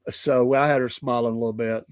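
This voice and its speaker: A man's voice: medium pitch, darkish tone, smooth, dry recording, clean studio sound. Older man, folksy chuckling host. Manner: folksy, chuckling, rambling storyteller. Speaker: morning show host. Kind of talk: casual podcast chat.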